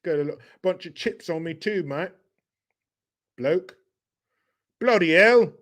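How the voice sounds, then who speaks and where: A man voicing a loud, cheeky Australian bloke in a put-on Australian accent, jokey and exaggerated. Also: high voice, expressive, slow, full character voice.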